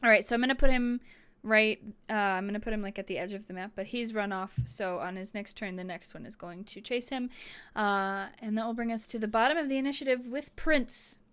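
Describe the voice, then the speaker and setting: A woman's voice: mid-range voice, a little fast, fairly bright tone, clean tone. Chatty woman running a tabletop game. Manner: chatty, laughing, filler-heavy narration. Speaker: game master.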